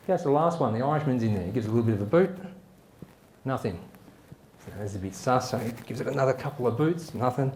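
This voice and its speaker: A man's voice: mid-range voice, fast talker. A man telling a stand-up joke, acting out the characters' voices as he goes. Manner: animated storyteller who acts out characters' voices. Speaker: comedian telling jokes. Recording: roomy sound with faint ambience.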